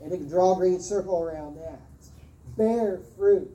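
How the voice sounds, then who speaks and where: A woman pastor giving a sermon, earnest and emphatic, often repeating words and pausing. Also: lowish voice, warm tone, far from the mic, a little hiss or hum. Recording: roomy sound from off-mic.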